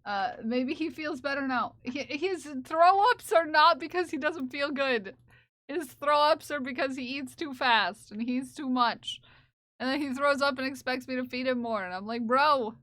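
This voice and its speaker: A woman's voice: sits high, moderate pace, a bit bright. A woman streaming live while knitting, chatting casually and playfully with her viewers and her cat, laughing often.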